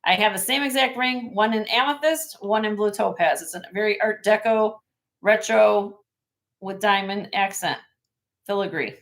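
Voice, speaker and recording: A woman hosting a casual live jewelry sale from home, briskly listing rings and sizes with chatty asides. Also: medium pitch. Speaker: host selling jewelry on a live stream.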